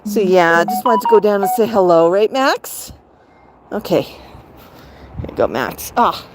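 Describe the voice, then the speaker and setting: Coaxing her pet bird in a sing-song way, a middle-aged woman hosts a live-streamed walk outdoors in a residential neighborhood. Her voice is medium-pitched and expressive, a little slow, with background noise present.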